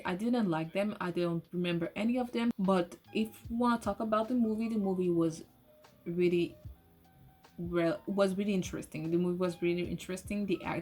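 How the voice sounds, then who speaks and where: A woman giving a casual, excitable spoken movie review, swearing often and restarting her sentences. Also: lowish voice. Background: soft lofi music.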